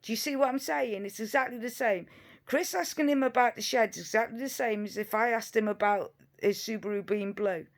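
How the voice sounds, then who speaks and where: A woman's voice: a little high, fairly quick. Emphatic woman commenting on clips. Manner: emphatic, repetitive, indignant; sarcastic. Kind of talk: reaction commentary on video clips.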